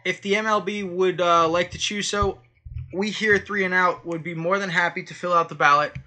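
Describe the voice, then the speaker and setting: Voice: medium pitch, steady tone, fairly quick, bright, forceful tone. A young adult co-host of a sports podcast, chatting casually and ranting in an emphatic, opinionated way.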